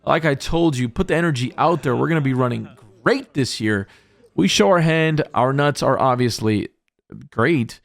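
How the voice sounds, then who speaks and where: A man's voice: mid-range voice, moderate pace, gravelly, dry recording, studio quality. A man narrating his poker hands as a vlog voice-over, upbeat and jokey in a play-by-play way. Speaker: poker vlogger. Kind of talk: voice-over hand recap.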